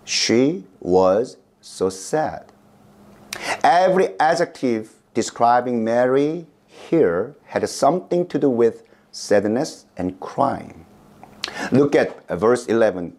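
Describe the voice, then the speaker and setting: Slow, emphatic Korean-accented pastor. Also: male voice, big pitch swings, darkish tone. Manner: slow, emphatic delivery with big pitch swings. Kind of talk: sermon.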